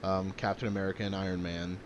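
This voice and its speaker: A man's voice: sits low, level tone, fast talker. A man co-hosting a casual fan podcast, restarting sentences and stating firm opinions. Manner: stammering restarts, emphatic opinions. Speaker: podcast co-host. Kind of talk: casual chat. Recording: dull lo-fi sound with faint noise.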